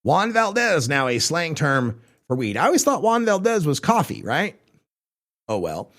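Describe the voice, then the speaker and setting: An older male talk radio host with a fairly high voice that swings widely in pitch. He reads through a list in a casual, wry way, full of jokes and chuckling asides. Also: very animated, measured pace, fairly bright tone.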